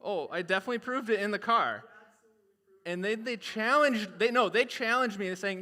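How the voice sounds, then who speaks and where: A man's voice: high voice, expressive, moderate pace, bright, forceful tone. A man, a pastor, chatting playfully on a live stream.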